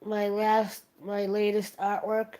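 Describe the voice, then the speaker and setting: A woman's voice: medium pitch, completely flat delivery, slow, mellow. A woman hosting a livestream, chatting casually and retelling a funny story with plenty of restarts and acted-out quotes. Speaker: stream host.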